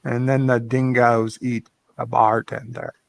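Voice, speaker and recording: Guy doing a hammy bartender bit over a video call, slow and deadpan, dry close sound. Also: mid-range voice, gravelly, dry recording. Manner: hamming up a mock Australian bartender bit. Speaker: pub chat regular. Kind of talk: joking banter in a virtual pub show.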